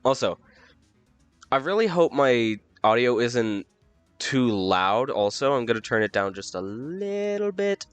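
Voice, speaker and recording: A man's voice: medium pitch, big pitch swings, measured pace, clean tone, no room sound, faint music behind. A man reading a game's dialogue aloud, with chatty asides about his own voices and audio. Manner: chatty, self-commenting asides. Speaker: game narrator.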